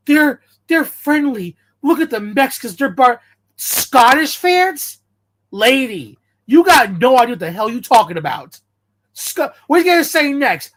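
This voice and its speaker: A man's voice: very high voice, fairly bright tone. An American man commenting on a video in a heated, casual rant, blunt and confrontational, repeating himself for emphasis. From United States.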